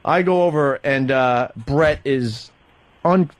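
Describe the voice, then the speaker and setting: A male radio host telling a long personal story in casual talk, halting and rambling, laughing nervously through grim parts. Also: medium pitch, dry recording.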